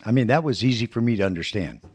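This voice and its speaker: A man's voice: on the low side, animated, fast talker, darkish tone, husky. A man acting as interviewer, prompting the speaker with short questions and agreements.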